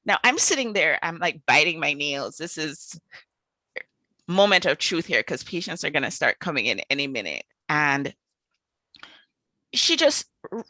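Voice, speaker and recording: Female host, lively casual storytelling monologue, dry close recording. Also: low-pitched, a little slow, long pauses, no echo. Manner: animated, acts out quoted panic. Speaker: show host and coach.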